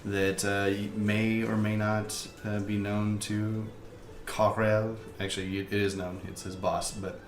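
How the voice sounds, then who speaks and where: Laid-back male game master, lowish voice, playful tone, echoey room. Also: level tone, a little slow. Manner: playful, laughs often while recapping. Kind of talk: narrating a tabletop game. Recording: roomy echo.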